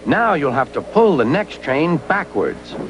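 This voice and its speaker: A man's voice: fairly high pitch, big pitch swings, a little slow, background noise, voice pushed up. A man voicing a blunt, matter-of-fact male railway fireman in a storybook tale.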